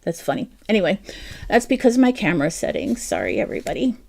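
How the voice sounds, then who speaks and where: A woman's voice: medium pitch, wildly swooping pitch, fast talker, vocal fry, darkish tone. A woman with a South Jersey accent hosting a crochet livestream, chatty and self-deprecating, laughing often and talking to her viewers by name. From New Jersey. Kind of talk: casual live-stream chat.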